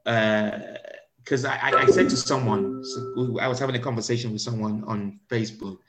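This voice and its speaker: A man, a comedian, talking about his stage character in a relaxed interview, often restarting his sentences. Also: lowish voice, loud music behind the voice. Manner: halting, repeats words, laughs often. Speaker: comedian guest. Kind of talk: conversational interview.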